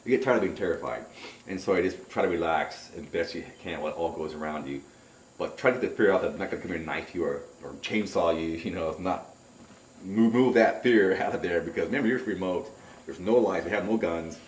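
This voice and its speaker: A man recounting a camping trip in a rambling, excitable way, caught on a distant mic. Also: low-pitched, fast talker. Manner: rambling, excitable storyteller who acts out remembered shouts. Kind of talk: casual spoken recollection. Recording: roomy, distant home recording.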